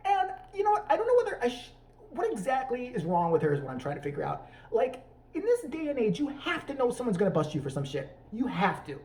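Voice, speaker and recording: Brash, animated woman ranting. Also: fairly high pitch, fast, a little hiss or hum. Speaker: vlog host. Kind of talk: crude comedic rant. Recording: voice picked up from a distance.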